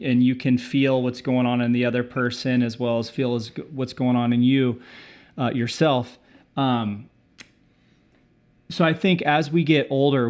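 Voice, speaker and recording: A middle-aged man hosting a podcast, musing aloud with fillers and restarts. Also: medium pitch. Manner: relaxed, hesitant, many fillers. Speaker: podcast host. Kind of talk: podcast interview.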